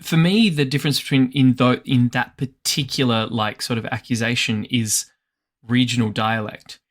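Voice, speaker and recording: A man's voice: medium pitch, steady tone, normal speed. Playful man joking between podcast co-hosts. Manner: playful, jokey, puts on accents. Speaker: podcast co-host. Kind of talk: casual chat.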